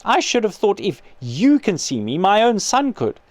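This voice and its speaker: A man reading out a snappish ghost mother, high and strained, her voice leaping up in sharp indignant bursts, close and dry. She demands and complains, bitter and possessive. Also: huge pitch swings, normal speed, dry recording. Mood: disappointed, demanding.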